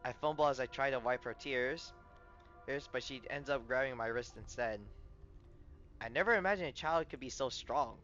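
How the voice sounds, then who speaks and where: A man's voice: medium pitch, normal speed. Man reading a game story aloud. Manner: reads narration aloud, stumbling and correcting words, with loud excited reactions. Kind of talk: game playthrough with read-aloud narration. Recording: slightly muffled, soft game music behind.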